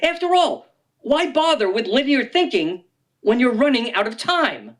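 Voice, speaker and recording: A man in his sixties giving a live poetry reading at a bookstore, with a wry, comic delivery that breaks into sudden loud, rising outbursts. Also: extremely high pitch, big pitch swings, a little slow. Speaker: poet.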